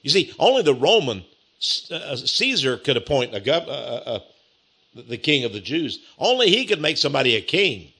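A man's voice: medium pitch, very animated, normal speed, pushed and bright, husky. A man preaching a sermon, telling the story with rhetorical questions to his listeners.

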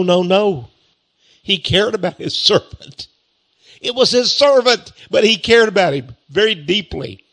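A man preaching a sermon-style Bible lesson, asking rhetorical questions, repeating words and reading scripture slowly. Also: sits high, fairly bright tone.

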